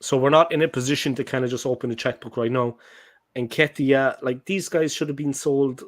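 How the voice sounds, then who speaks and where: An Irish man with a mid-pitched voice chatting casually on a football podcast. He talks in a loose, joking way and rambles from one point to the next. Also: fairly even intonation, a little fast. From Ireland. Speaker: guest.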